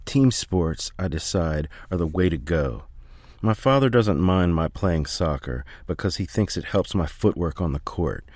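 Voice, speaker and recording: A man reading a first-person memoir aloud in a steady, measured way. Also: low-pitched, dry recording. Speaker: audiobook reader.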